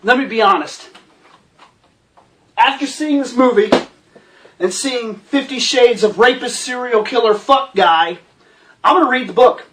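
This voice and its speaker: A man's voice: very high voice, a little slow, pauses often, fairly bright tone, distant mic, a little hiss or hum. A man hosting a ranting movie review, profane, sarcastic and exasperated. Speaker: host.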